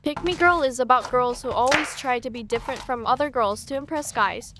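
High-voiced blunt sarcastic girl played by a woman, storytime cartoon, hissy background. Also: brisk, fairly bright tone. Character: blunt young woman, frank and irritable.

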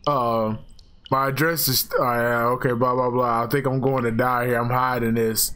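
A young man with a hoarse, worn-out voice playing a horror game, loud and excitable, swearing and screaming at jump scares. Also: mid-range voice, normal speed. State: hoarse, losing his voice. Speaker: gaming YouTuber. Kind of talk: horror game let's play commentary.

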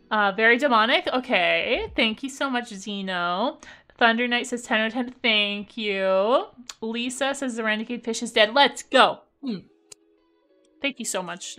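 A woman's voice: on the high side, pushed and bright. A woman live-streaming a game, chatting casually and thanking viewers by name in an upbeat way.

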